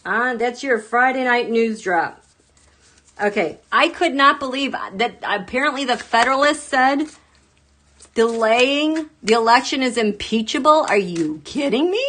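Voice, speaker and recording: Slow-talking chatty woman tarot host. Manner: animated, jumps into high exclaims; chatty, laughs often. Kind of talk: casual live-stream chat.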